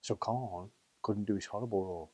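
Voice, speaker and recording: Telling a children's story in a playful, theatrical way, a man with a Staffordshire accent from England speaks at normal speed. His pitch is fairly low, a little mellow, with a breathy edge.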